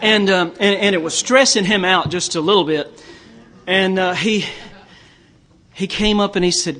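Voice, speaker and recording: A Southern US man giving a recovery talk at a conference, telling folksy stories that build to joke punchlines. His voice sits high for a man, and he often stammers and restarts mid-sentence. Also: normal speed, a crowd in the background. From Tennessee, US. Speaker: AA speaker.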